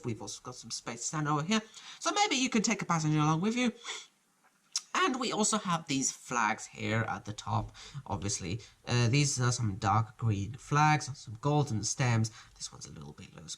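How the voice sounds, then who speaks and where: A reviewer talks through a toy set from a small home studio, voice rising and falling in a lively, animated way. The delivery is chatty and hesitant, with phrases often broken off and started again. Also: medium pitch. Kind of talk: casual show-and-tell review.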